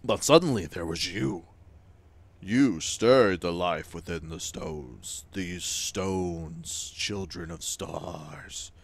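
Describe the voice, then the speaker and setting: A man voicing an ancient, solemn female weaver of time, reading game dialogue in a slow, hushed, grave way. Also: low voice, exaggerated voice. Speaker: let's play gamer.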